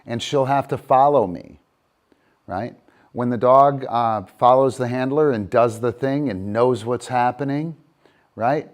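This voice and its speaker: Unhurried man training dogs on camera. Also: medium pitch. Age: middle-aged. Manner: coaxes dogs with soft praise, then explains in a steady, unhurried way. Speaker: dog trainer. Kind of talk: live training demonstration.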